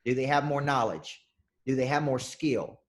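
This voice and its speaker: Punchy, energetic male sales coach. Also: mid-range voice, moderate pace. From southern United States. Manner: energetic, punchy, repeats questions for emphasis. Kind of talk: live coaching session.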